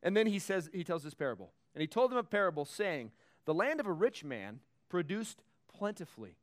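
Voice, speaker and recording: A man's voice: high-pitched, sing-song, fairly quick. A man preaching a conversational sermon, joking and reading scripture aloud. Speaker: pastor.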